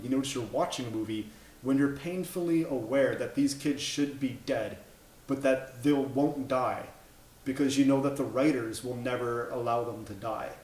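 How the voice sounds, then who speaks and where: A man in his thirties tears into a film in a blunt, exasperated rant, tripping over his words and swearing as he goes. His voice sits at an ordinary middle pitch, and the room around him rings with echo. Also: darkish tone. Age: 30s. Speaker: movie reviewer. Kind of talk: opinionated movie review rant. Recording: echoey room.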